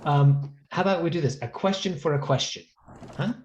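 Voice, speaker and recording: A man's voice: a little high, a little fast, darkish tone, lo-fi sound, a little hiss or hum, natural voice. A man speaking as a sly male cleric adventurer, wry and evasive, in a tabletop game. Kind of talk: tabletop role-play in character.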